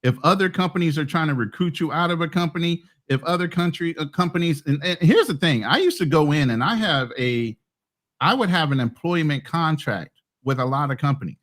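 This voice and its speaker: A man's voice: a little high, lively intonation, fairly quick, a bit bright. A middle-aged man talking bluntly and profanely in a casual podcast chat, as a co-host. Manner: blunt, profane, boastful storytelling.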